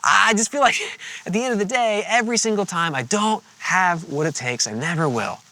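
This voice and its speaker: A man preaching a sermon in a conversational, animated storytelling way with playful asides. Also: high voice, normal speed, no room sound. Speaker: pastor.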